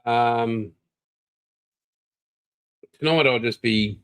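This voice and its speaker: A man's voice: mid-range voice, extremely slow, fairly bright tone, clear, resonant tone, rough recording. An older Australian man, tired, hosting a live stream and rambling casually while greeting viewers. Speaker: livestream host.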